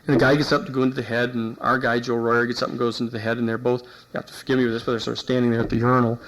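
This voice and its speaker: Gravelly-voiced man telling a story. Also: mid-range voice, very fast, rough recording. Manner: animated anecdote-telling, acts out quoted speech. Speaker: lecturer. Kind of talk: university lecture, storytelling. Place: lecture hall.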